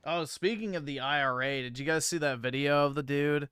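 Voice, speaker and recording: Male streamer, bright and clean tone, dry close sound, blunt and sweary commentary. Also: on the high side, a little fast, clear, resonant tone, dry recording. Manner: blunt, swears constantly, scoffing. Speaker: streamer reacting to another stream. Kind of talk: casual profane livestream commentary.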